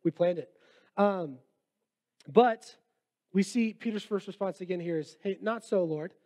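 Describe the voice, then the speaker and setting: A man's voice: sits high, a little slow, dark tone. A young man, a youth pastor, preaching a sermon in a casual, joking way and reading scripture aloud.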